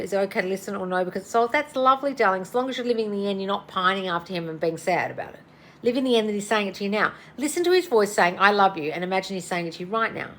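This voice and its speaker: A woman's voice: medium pitch, slight background noise. A tired woman coach answering listener questions in a casual livestream, blunt and swearing, calling everyone darling. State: tired and yawning. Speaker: manifestation coach.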